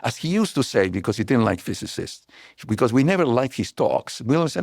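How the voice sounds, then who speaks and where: A man's voice: mid-range voice, a little fast, creaky, no echo, clean studio sound. An older man, a scientist guest, explaining ideas in a digressive way and telling anecdotes. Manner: digressive, anecdotal, many restarts, animated storytelling. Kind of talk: relaxed explanatory interview talk.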